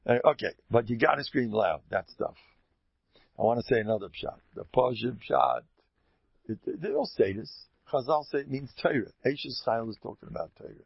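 A man's voice: mid-range voice, lively intonation, normal speed, gravelly, husky, dry recording. A man giving an informal, emphatic Torah talk as a teacher, often repeating phrases for stress. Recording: dull lo-fi dry recording.

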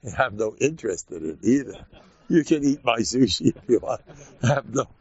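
A man with an American accent, a rabbi giving an informal, animated Purim talk full of stories and sudden shouts. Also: mid-range voice, normal speed, slightly rough, muffled recording.

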